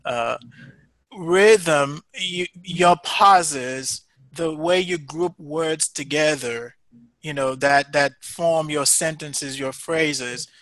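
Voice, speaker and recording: Man, instructor, patient and encouraging, slow pace, bright tone. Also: a little high, no echo. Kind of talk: teaching a class.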